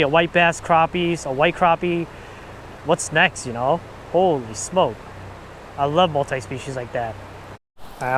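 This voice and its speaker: Young male fishing vlogger, high-pitched, quick to shout with excitement, outdoor action-cam sound with faint background hiss. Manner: excitable, bursts into exclamations and laughs. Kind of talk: casual on-the-spot commentary. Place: outdoors at a river spillway. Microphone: action camera.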